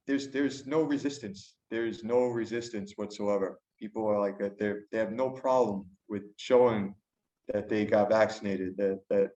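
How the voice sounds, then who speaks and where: A man co-hosting a podcast remotely, talking indignantly and often repeating himself. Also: medium pitch. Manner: indignant, repetitive restarts. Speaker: podcast co-host. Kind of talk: casual chat. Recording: roomy, dull remote line.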